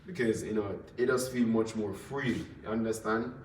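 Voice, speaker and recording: A man's voice: on the low side, steady tone, normal speed, darkish tone, far from the mic. A man chats loosely to his live-stream viewers, circling back and repeating himself as he goes. His voice sits a little back from the microphone in an echoing indoor room. A faint hum of ambience runs underneath. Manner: rambling, repeats words, talks straight to viewers. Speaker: livestream host. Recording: roomy sound from off-mic, faint ambience.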